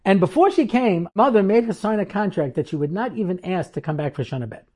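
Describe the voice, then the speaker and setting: A middle-aged man, a rabbi, delivers a storytelling lecture in a soft, husky voice. His pitch swings widely as he acts out the people in his stories. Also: lively intonation, fast. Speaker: rabbi and seminary teacher.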